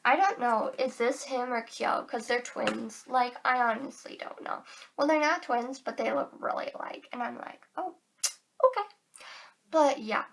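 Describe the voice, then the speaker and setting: A woman's voice: fairly high pitch, measured pace, gravelly. A teenage girl vlogging to camera in casual chat, chatty and giggly, filling her talk with "like", a bit tired.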